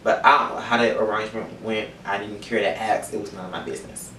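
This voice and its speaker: A young man tells a personal story in a loose, candid way, swearing freely. His voice sits a little low, and he sounds distant from the mic, with a roomy echo and a faint background hum. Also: fairly even intonation, quick pace, bright, forceful tone. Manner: chatty, candid, profane, emotional. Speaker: vlogger. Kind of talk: casual storytelling.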